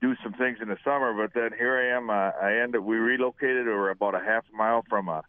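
An older man, a retired football coach, speaking on a radio interview with fillers and halting restarts. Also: lowish voice, fairly even intonation, clean tone, no room sound. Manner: halting, with fillers and self-corrections. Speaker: retired high school football coach, guest. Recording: tinny phone line.

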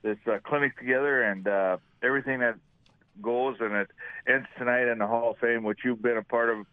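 An older man, a retired football coach, speaking on a radio interview with fillers and halting restarts. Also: medium pitch, fairly even intonation, dry recording. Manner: halting, with fillers and self-corrections. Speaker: retired high school football coach, guest. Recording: tinny phone line.

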